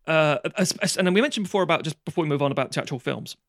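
Guy ranting fast and swearing, slightly high voice, dry close mic. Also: no echo. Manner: animated, sweary, quick-fire. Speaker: podcast co-host. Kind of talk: casual chat.

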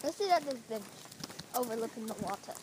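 A teenage girl on a park walk, teasing her friend with dry, quick comebacks and pointing out birds. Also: on the high side, lively intonation, a little mellow, poor audio. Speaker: birdwatching companion. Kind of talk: casual walking chat. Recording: outdoor noise behind.

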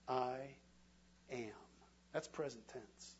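A middle-aged man preaching a sermon, asking his congregation questions and pausing for them to answer, with emphatic delivery. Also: medium pitch, lo-fi sound, a little hiss or hum. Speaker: pastor.

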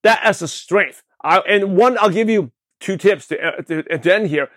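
A man from Brooklyn, New York, hosting a show and giving an energetic motivational talk on network marketing, with a slight lisp, often checking in with the listener. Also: high-pitched, moderate pace, no room sound. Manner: energetic, repetitive, asks the listener questions. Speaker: podcast host, network marketing coach.

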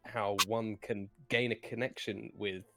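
A man's voice: lowish voice, little pitch movement, measured pace, creaky, music in the background. A man voicing a pompous male scholar who poses as a warrior, speaking in a puffed-up, formal, theatrical way. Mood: grandiose.

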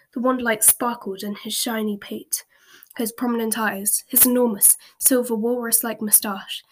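A woman reads a story aloud in a slow, hushed whisper, now and then tripping over a word. Her voice is breathy and sits a little high. It is a soft, whispered storybook reading. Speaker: story reader.

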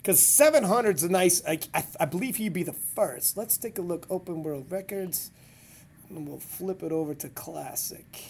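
A podcast host in a casual interview, talking in a chatty, excited way with quick restarts. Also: medium pitch, creaky, husky.

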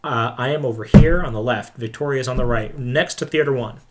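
A man's voice: medium pitch, fairly quick, very noisy. A man, a former movie theater worker, chatting casually and telling rambling stories, acting out the exchanges he quotes. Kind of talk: casual chat.

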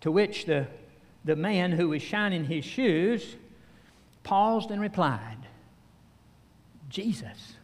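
An older man preaching a sermon, telling a story in a folksy way with fillers and pauses. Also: high-pitched, animated. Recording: long hall reverb.

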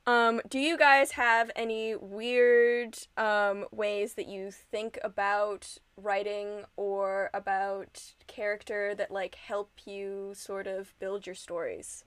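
A woman's voice: medium pitch, flat delivery, takes it slowly, few pauses, a bit bright, clear, resonant tone, no echo. A woman hosting a podcast, asking questions and encouraging her guests in a casual chat. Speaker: podcast host.

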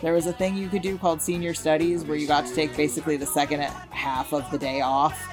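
Low-voiced young woman telling stories. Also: quick pace, over music. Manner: animated storytelling with quoted voices. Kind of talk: casual chat.

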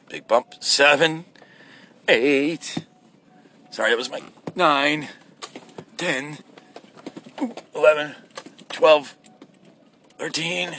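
A man with a bright, forceful voice rants at length behind the wheel, swearing freely and drifting from one grievance to the next in a sarcastic tone. His voice sits at an ordinary middle pitch for a man. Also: a little hiss or hum. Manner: profane, rambling, sarcastic rant. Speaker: podcast host. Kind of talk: ranting solo podcast while driving. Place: car while driving.

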